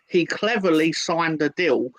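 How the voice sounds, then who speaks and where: A man's voice: fairly high pitch, expressive, unhurried, a bit bright, poor audio. A man on a casual football fan show, explaining things with wry asides. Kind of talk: casual banter.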